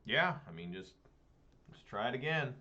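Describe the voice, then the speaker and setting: A man's voice: medium pitch, sing-song, moderate pace, sharp tone, lo-fi sound. A man giving casual, chatty commentary while playing an online card game, swearing when the deck lets him down.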